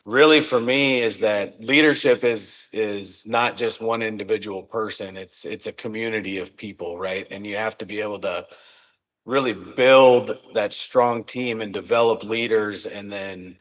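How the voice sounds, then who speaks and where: A man's voice: on the low side, fairly bright tone. A man being interviewed on a podcast as a company executive, speaking in an earnest, reflective way and often restarting his words. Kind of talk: casual interview talk.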